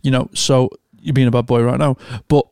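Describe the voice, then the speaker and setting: A young man telling animated stories in casual chat. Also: medium pitch, a little fast, vocal fry, clear, resonant tone, dry recording, clean studio sound. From England. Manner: animated storyteller, slangy and swearing.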